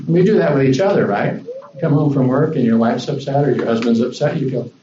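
A man's voice: mid-range voice, fairly quick, far from the mic, highs cut off, slight background noise. Man preaching casually in a roomy hall. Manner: conversational, animated when voicing God. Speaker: guest preacher. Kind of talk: sermon.

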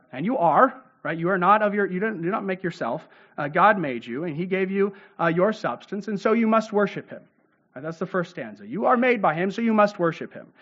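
A man delivers an expository sermon, stopping often to explain scripture. He has a fairly high voice and fills his pauses with "uh" and "right?". The recording is dull and lo-fi. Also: fairly bright tone. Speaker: pastor.

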